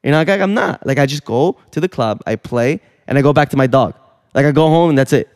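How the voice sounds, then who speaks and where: A man hosting a casual studio chat, telling stories in an animated way. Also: medium pitch, brisk, dry recording. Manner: storytelling, animated. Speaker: podcast host. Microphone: studio mic.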